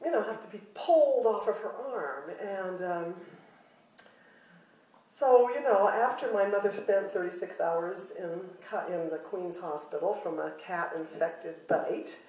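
A woman's voice: mid-range voice, unhurried, darkish tone. Older woman telling funny stories, roomy. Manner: self-deprecating, humorous, laughs often. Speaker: retreat speaker. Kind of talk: personal storytelling talk. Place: retreat meeting room. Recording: roomy hall, mic far off.

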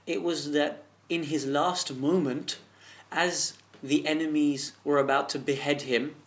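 Man giving an earnest religious talk. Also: on the high side. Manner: earnest, impassioned storytelling; rhetorical questions. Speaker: religious speaker.

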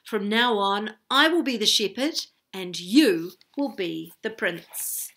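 A woman's voice: medium pitch, animated, slow, a bit bright, exaggerated voice. A woman voicing a spoilt, scheming young princess in a read-aloud storybook, sounding sweet, bossy and mock-innocent. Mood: bossy excited.

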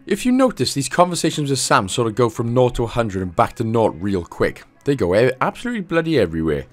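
A man's voice: mid-range voice, huge pitch swings, quick pace. A man hosting a game walkthrough in casual commentary, chatty and jokey, drifting into playful asides.

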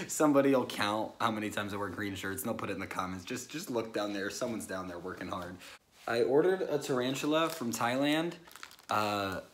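A man's voice: fairly low pitch, brisk, a little hiss or hum. Jittery, overdramatic young man vlogging. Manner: jittery and overdramatic, nervous rambling. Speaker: YouTuber. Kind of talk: casual vlog to camera.

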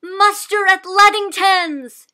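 A woman voicing a brave teenage girl on horseback, calling out the alarm with urgent rallying shouts. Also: high-pitched, takes it slowly, pitched above the performer's own voice. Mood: urgent shouting. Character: brave teenage girl rider rousing farmers.

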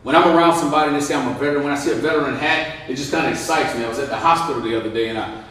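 A veteran man giving a lively motivational speech, joking and asking the crowd questions. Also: a little high. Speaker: guest speaker, veteran. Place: large indoor hall. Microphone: distant microphone. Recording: echoey hall, distant mic.

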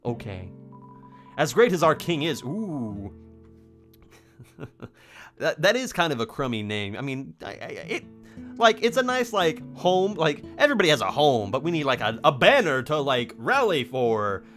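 A young man casually commenting on a game as he plays it, in a rambling, playful way with lots of quick reactions. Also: fairly high pitch, big pitch swings, fairly bright tone, soft background music. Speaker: let's play host. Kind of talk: casual let's play commentary.

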